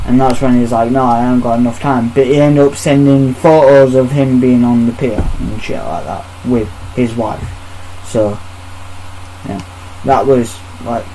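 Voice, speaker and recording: A man's voice: medium pitch, warm tone, slight background noise, low-quality recording. A man on a podcast, telling a story in casual chat, bluntly and with heavy swearing while acting out the exchanges he quotes. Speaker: podcast host.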